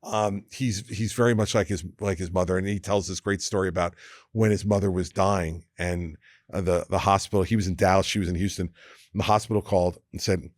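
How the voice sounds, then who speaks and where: Older male guest, deep and dry, spins anecdotes with quick impressions. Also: no echo. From United States. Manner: anecdotal, quotes others in lively impressions. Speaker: guest, former governor. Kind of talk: storytelling interview chat.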